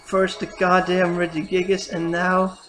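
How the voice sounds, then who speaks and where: A woman's voice: fairly low pitch, monotone, measured pace, fairly bright tone. A woman commentating her own gameplay, swearing and crying out at every setback. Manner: cursing and crying out at the game. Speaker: let's player. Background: faint game music.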